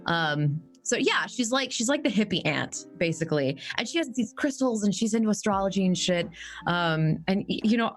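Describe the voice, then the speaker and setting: A woman chatting casually in a live Q&A about her podcast character, rambling and animated, swearing freely and filling pauses with "like" and "um". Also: mid-range voice, soft background music. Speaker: actual-play podcast cast member.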